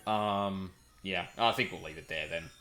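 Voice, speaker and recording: A man's voice: low-pitched, a little slow, bright, forceful tone, faint music behind. A man streaming, chatting casually and rambling with lots of fillers and self-corrections. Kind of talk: casual stream wrap-up chat.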